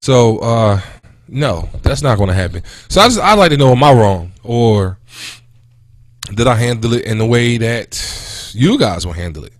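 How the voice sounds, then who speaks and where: A man in his thirties hosts a casual talk radio monologue, animated and indignant, his pitch jumping as he quotes people and vents. He speaks at a normal speed, and the sound is dry and clean, studio quality.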